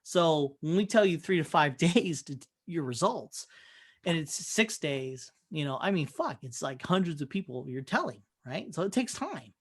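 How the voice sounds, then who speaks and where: A man in his thirties, a podcast co-host, telling stories in a casual, profane, animated way. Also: on the high side, moderate pace, husky. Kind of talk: casual chat.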